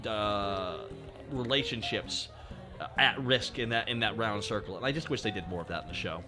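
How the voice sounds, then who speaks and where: Guy streamer rambling and joking, super bright tone, faint music under it. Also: fairly low pitch, normal speed. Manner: animated, jokey, rambling. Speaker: streamer host. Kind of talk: casual chat on stream.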